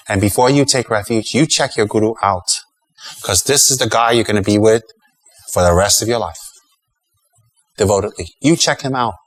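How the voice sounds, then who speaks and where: A man's voice: on the low side, low-quality recording. A middle-aged man giving a Dharma talk as a Buddhist teacher, emphatic and rhetorical, chuckling at his own jokes.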